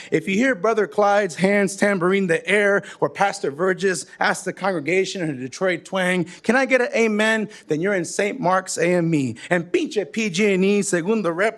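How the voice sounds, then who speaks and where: A man's voice: high-pitched, a bit bright. A man performing a spoken word poem with rhythmic, emphatic delivery, slipping in Spanish phrases. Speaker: poet.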